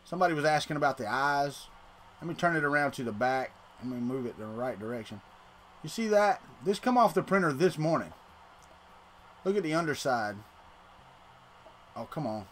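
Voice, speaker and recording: A man's voice: a little high, animated, moderate pace, long pauses, a bit bright, a little hiss or hum. A middle-aged man, hosting a casual livestream and rambling to his chat while he tinkers. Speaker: livestream host.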